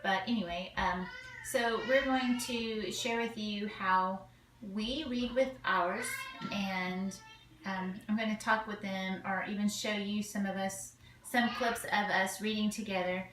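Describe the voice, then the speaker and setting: Chatty Southern US mom vlogging at home. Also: female voice, mid-range voice, steady tone, measured pace, reverberant, noisy background. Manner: chatty, folksy, frequent ums and uhs. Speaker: vlogger, homeschooling mother of five. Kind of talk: casual chat to camera. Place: home, indoors.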